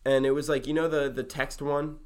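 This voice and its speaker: A man's voice: mid-range voice, level tone, a little fast. Rambling young man, casual chat. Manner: rambling, full of fillers and restarts.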